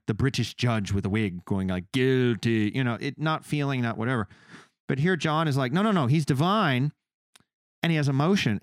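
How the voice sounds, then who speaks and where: Animated male podcast co-host. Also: mid-range voice, no echo, clean studio sound. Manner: animated, acts out quoted speakers in his retelling. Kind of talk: casual faith discussion.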